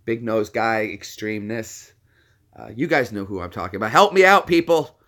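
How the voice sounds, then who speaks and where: Animated male streamer with a lively voice. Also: on the low side, normal speed. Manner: rambling, swinging into voices mid-sentence. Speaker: streamer doing voice impressions. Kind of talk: casual live stream chat.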